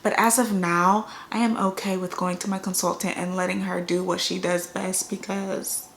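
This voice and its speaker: A woman's voice: on the low side, flat delivery, normal speed, a little hiss or hum. A young adult woman chatting casually on her vlog, laid-back and rambling with frequent fillers and restarts. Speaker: vlogger. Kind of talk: casual chat.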